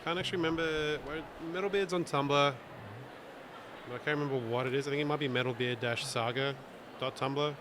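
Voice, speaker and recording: A man's voice: a little high, brisk. A man guest on a podcast, joking easily and plugging his website. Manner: relaxed, joking. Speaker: guest comic creator. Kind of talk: casual chat. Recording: noisy convention hall.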